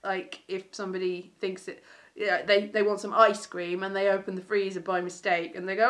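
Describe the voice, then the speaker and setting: A woman's voice: mid-range voice, little pitch movement, normal speed, a bit bright. A young British woman chatting casually on an unscheduled live stream, rambling and self-mocking, often trailing off and restarting. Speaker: vlogger.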